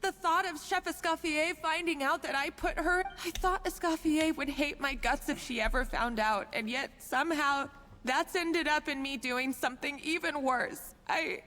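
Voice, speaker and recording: A woman voicing a timid, guilt-ridden young female cook in a video game, halting, apologetic and stammering. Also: high-pitched, pushed and bright. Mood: remorseful. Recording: game audio with long reverb and faint music.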